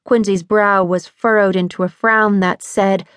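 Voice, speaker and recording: Measured woman audiobook narrator. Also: mid-range voice, steady tone, fairly bright tone, no room sound. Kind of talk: scripted narration.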